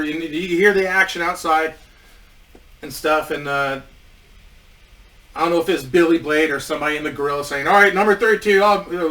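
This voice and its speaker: A man's voice: fairly high pitch, a bit bright, distant mic, rough recording. Rambling man telling wrestling stories. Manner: rambling with many restarts and swearing. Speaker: indie wrestler telling a story. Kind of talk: casual storytelling.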